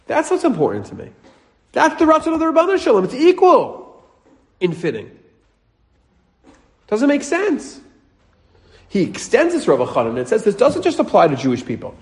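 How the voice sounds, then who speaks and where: A middle-aged man teaches a Torah class in a relaxed, joking way. His pitch swings up and down as he tells stories and acts out what people say. Hebrew and Yiddish words turn up all through his talk. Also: moderate pace, long pauses. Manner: animated storytelling, acting out quotes, Hebrew and Yiddish words. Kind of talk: casual Torah class with humor.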